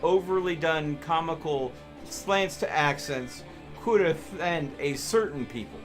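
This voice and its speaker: A man's voice: on the high side, measured pace, soft background music. A man in casual chat while gaming with friends, joking and laughing easily, often self-deprecating. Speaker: gamer on a multiplayer stream.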